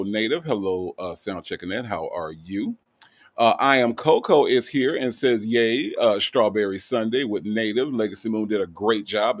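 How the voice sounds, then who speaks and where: A man's voice: mid-range voice, no room sound. A man hosting a casual livestream, reading out viewer comments and greeting each one by name. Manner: animated, greets chat with repeated hellos. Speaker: livestream host.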